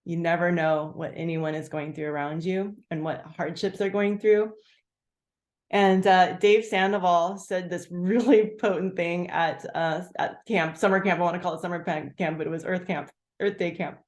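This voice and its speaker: A woman leading a group, sharing her story candidly and haltingly, full of "like" fillers, on a video call. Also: lowish voice, steady tone, darkish tone, echoey room. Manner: candid, halting, many "like" fillers, bursts of acted-out quotes. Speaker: team leader sharing gratitude.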